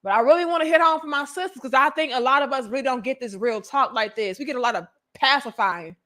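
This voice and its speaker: A woman with a high voice delivers a relationship-advice monologue. She is blunt and emphatic, talking to her audience like a frank big sister and swearing freely. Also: fast, bright, forceful tone.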